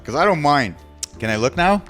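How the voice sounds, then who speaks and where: Teasing, excitable man on a comedy podcast. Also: a little high, music in the background. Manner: teasing, excitable, quick to laugh. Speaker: podcast co-host. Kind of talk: casual comedic banter. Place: Montreal.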